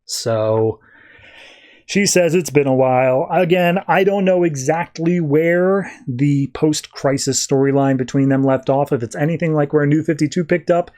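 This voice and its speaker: A man's voice: on the high side, a little mellow. A man hosting a podcast, retelling a comic book issue in casual chat and paraphrasing the characters as he goes. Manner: retells scenes in a quick paraphrase full of "he's like" quotes. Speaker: podcast host.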